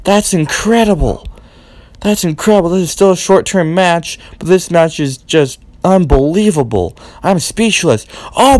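A young man giving excited play-by-play commentary on a wrestling match, repeating his exclamations and swinging between hushed and loud. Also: on the high side, dry recording.

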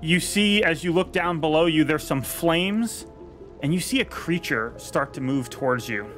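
A man's voice: fairly high pitch, expressive, fairly bright tone, soft background music. Man narrating a tabletop adventure. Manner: vivid descriptive narration, slowing down for dramatic effect. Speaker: dungeon master. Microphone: headset.

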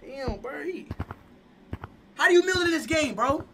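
Exasperated streamer man, high and lively. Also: unhurried, creaky, background noise. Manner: exasperated, swears often, sudden yelling bursts. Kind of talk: live gameplay stream, casual chat.

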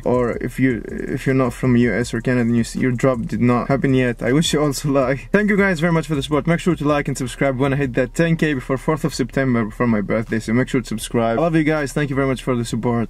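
A young man chatting casually and quickly to his viewers in a sneaker vlog. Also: medium pitch. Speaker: sneaker vlogger.

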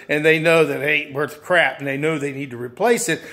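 A man with a fairly high speaking voice gives an easygoing lesson on selling furniture. He talks casually, repeats his phrases and slips into short acted exchanges with customers. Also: a little fast, hardly any pauses, a bit bright. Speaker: furniture sales trainer. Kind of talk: instructional talk with acted sales dialogue.

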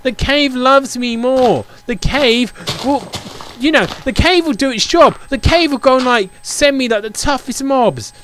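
High, lively ranting young man. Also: unhurried, hardly any pauses, a little hiss or hum. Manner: ranting, exasperated, repetitive. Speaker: gaming YouTuber. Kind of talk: Minecraft let's play commentary.

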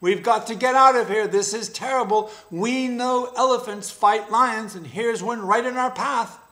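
A man's voice: fairly high pitch, lively intonation, measured pace, fairly bright tone. A man voicing a vain, jittery young male jackal cub in a storybook reading, yapping and snappish. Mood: panicky.

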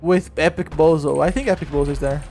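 Male game streamer, high voice, rambling casual chat with loud outbursts, faint background music. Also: steady tone, fast. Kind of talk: casual gameplay livestream chat.

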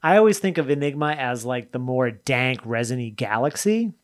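Guy doing a chill beer review, mid pitch, kinda rambly, keeps trailing off and fixing what he said. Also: animated, moderate pace. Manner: rambling and chatty, often trailing off and correcting himself; loose, spontaneous tasting commentary. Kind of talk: casual beer review vlog.

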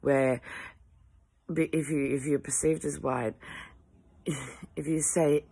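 An Australian woman ranting to camera in an exasperated way, sighing often and halting through restarts. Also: deep voice, steady tone, gravelly, dark tone, husky.

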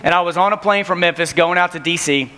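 A man in his thirties giving an energetic youth camp sermon, telling stories and acting out voices. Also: sits high, quick pace. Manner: storytelling, acts out voices, laughing. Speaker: camp speaker. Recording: reverberant hall.

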